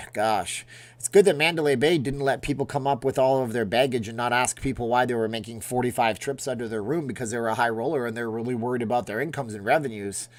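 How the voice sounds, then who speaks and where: A middle-aged man hosting a casual livestream, talking at an ordinary mid pitch. He rambles from one viewer comment to the next, tossing in jokes and asides as he goes. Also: brisk, no echo. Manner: rambling, jokey, reacts aloud to viewer comments. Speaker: livestream host reading chat.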